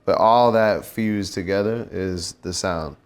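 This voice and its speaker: Relaxed, low-voiced man telling stories. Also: measured pace, clean tone. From Nigeria. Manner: relaxed, reflective, slips into rap flows. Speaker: musician. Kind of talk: casual interview chat.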